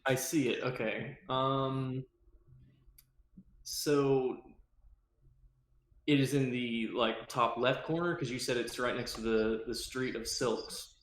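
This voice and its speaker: A man's voice: mid-range voice, steady tone, takes it slowly, pauses often, a little hiss or hum. A man playing a tabletop game, talking casually and hesitantly with many fillers, in an echoey room. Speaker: player.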